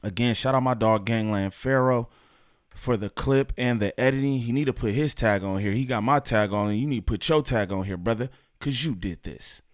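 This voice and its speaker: A man's voice: mid-range voice, moderate pace, no echo, clean studio sound. A man hosting a reaction video, chatting casually and in slang, speaking straight to his viewers. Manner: animated, slangy, talks to viewers. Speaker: reaction channel host.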